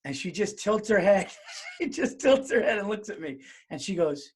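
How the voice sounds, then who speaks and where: Sheepish man with a high voice. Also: animated, unhurried. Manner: sheepish storyteller, drops to a hushed voice. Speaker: podcast host. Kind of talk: casual podcast chat.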